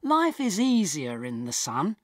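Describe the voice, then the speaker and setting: Slow, low-voiced woman narrator. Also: no echo, clean studio sound. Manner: slow, plain, even reading for learners. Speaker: audiobook narrator. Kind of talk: first-person scripted narration.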